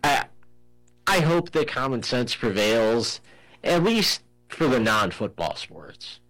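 A man's voice: mid-range voice, big pitch swings, takes it slowly, a bit bright, poor audio. A man talking college sports in a casual, rambling way, full of "you know" fillers and restarts. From Ohio. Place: home in Arizona.

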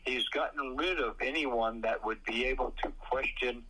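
A man co-hosting a political talk show, speaking haltingly with many fillers and blunt opinions. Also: mid-range voice, sharp tone, breathy edge, low-quality recording. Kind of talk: casual political chat.

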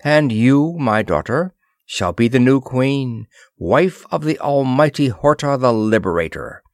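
Man doing a stern older queen, raised pitch, lively, slow and dry. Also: no echo. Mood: harsh solemn. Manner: harsh, solemn. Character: harsh, proud older queen.

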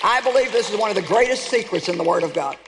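A woman's voice: medium pitch, lively intonation, fast talker, a crowd in the background, background noise. An emphatic woman preacher delivers a sermon and keeps calling on her audience to answer back. Her voice carries with a long, ringing reverb from a large auditorium. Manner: emphatic, calls for audience response.

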